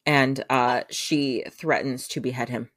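A woman's voice: rumbling low, steady tone, a little slow, a bit bright, dry recording, studio quality. A woman casually retelling a show's plot on a podcast, rambling with lots of filler words. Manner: rambling, filler-heavy, laughs through the telling. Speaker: podcast co-host recapping a show. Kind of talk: casual storytelling recap.

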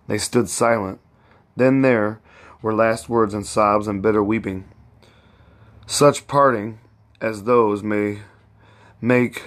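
A man reading a novel aloud in an unpolished way, stopping to correct his slips. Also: on the low side. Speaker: reader. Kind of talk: audiobook narration.

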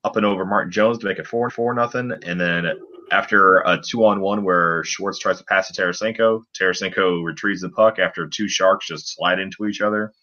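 On a casual sports podcast, a co-host with a very low voice rambles through a play-by-play recap of a hockey game, full of fillers and restarts. His tone is bright and forceful, his intonation fairly even, his pace a little fast, and the recording dull and lo-fi.

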